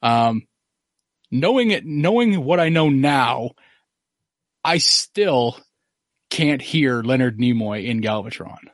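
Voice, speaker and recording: A man's voice: mid-range voice, animated, takes it slowly, pauses often, no echo, studio quality. A man hosting a podcast in casual chat, rambling and opinionated. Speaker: podcast host.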